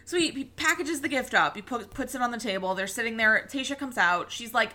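Woman gossiping about a tv episode, bright higher voice, swears a lot, acts out quotes. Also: brisk, hardly any pauses, a little hiss or hum. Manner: animated, swearing, quoting people. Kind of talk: casual chat recapping a TV show.

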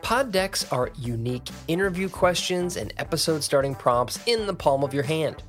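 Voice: medium pitch, lively intonation, normal speed, faint music behind. A speaker reading a sponsor ad for a podcast with upbeat promotional delivery. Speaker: ad read narrator. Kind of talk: sponsor ad read.

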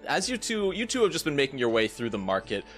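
A man's voice: mid-range voice, wildly swooping pitch, brisk, fairly bright tone, faint music behind. A man running a tabletop game as game master, narrating scenes vividly and with suspense. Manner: vivid, suspenseful description with playful asides.

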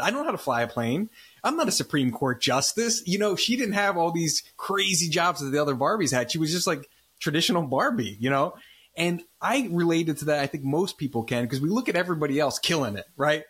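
His voice is on the high side, a bit bright and slightly rough. Based in Los Angeles, this podcast host chats casually with a guest, chatty throughout and fond of adding "right?" to his lines.

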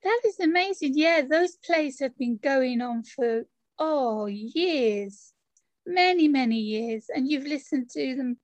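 A woman's voice: high-pitched, lively intonation, slow pace, no room sound. A woman hosting a podcast, chatty and friendly, with plenty of filler words. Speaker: podcast host. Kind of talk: casual interview chat.

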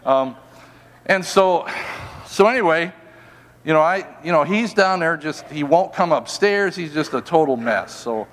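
An older man preaching a sermon with a fairly high voice. He tells personal stories in an animated, self-mocking, humorous way. The sound has the long reverb of a church hall. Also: measured pace. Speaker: pastor.

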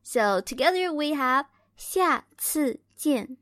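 High-voiced woman teaching a language lesson. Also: animated, a bit bright, dry recording, studio quality. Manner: playful, jokes and corrects herself; slows down to model words carefully. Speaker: Mandarin teacher and podcast host.

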